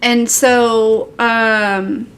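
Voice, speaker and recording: A woman's voice: fairly high pitch, flat delivery, extremely slow, fairly bright tone. A woman casually giving a tarot reading on a livestream, chatty and laughing often, with lots of fillers. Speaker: tarot reader.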